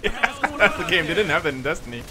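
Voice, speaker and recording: A man's voice: fairly high pitch, expressive, rapid-fire. A man chatting casually while playing a game, laughing often and stumbling over his words. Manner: laughs often, stammers and restarts. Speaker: gaming co-host. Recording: loud gunfire and game noise behind. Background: game gunfire and ambience.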